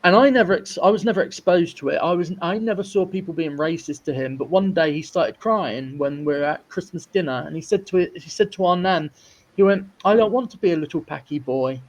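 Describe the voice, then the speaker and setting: A man's voice: sits high, a little fast. A man, a filmmaker guest, chatting casually in an interview and telling rambling stories with stammered restarts.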